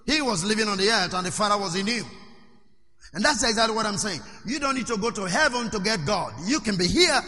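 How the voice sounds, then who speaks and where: A man's voice: sits high, animated, a little fast, bright, forceful tone, long reverb tail. A man preaching a sermon, questioning his congregation and waiting for their replies.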